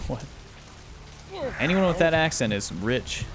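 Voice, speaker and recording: A man's voice: a little high, animated, measured pace, background noise. A man streaming a game live, making joking, wisecracking asides as he plays.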